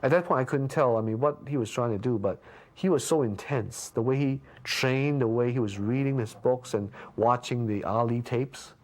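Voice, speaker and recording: A man being interviewed, casually telling a story with lots of restarts and stammers, jumping up in pitch when he acts out what people said. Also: moderate pace. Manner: lively anecdote with frequent restarts and stammers; acts out quoted lines with big pitch jumps.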